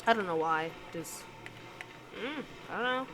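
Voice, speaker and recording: A woman's voice: medium pitch, expressive, a little slow, fairly bright tone. A woman vlogger reading questions aloud and answering them in casual chat, rambling and hesitant with many fillers. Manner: rambling, hesitant, lots of ums and likes. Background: background music.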